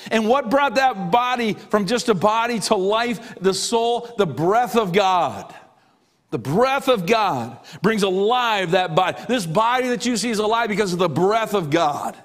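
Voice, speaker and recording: High-voiced man preaching a sermon. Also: expressive, unhurried, a bit bright. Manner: emphatic preaching, repeats phrases, drops low for key lines. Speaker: pastor.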